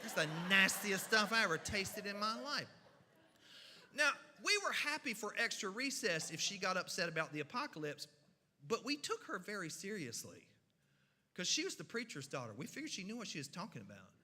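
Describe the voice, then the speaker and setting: A man, telling humorous stories at a church event in a folksy, animated way. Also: high voice, in a large hall. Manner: folksy, animated, with drawn-out pauses. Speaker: storyteller. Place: church hall.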